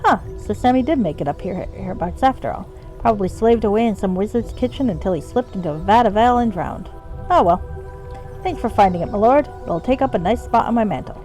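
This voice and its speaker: A woman's voice: medium pitch, lively intonation, fairly quick, darkish tone, faint music behind, close to an everyday voice, rough recording. A woman voicing a grateful, penniless adventurer companion in a wry, plainspoken way.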